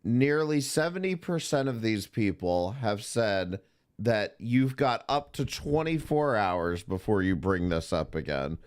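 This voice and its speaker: Male co-host with a smooth, resonant voice, unhurried and moderating a heated stream. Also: fairly low pitch, lively intonation. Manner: measured, moderating. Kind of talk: livestream commentary.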